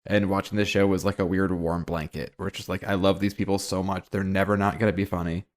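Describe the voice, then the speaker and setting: A man's voice: low voice, flat delivery, fast talker. A man co-hosting a podcast, chatting casually with wry jokes. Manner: wry, joking. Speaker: podcast co-host.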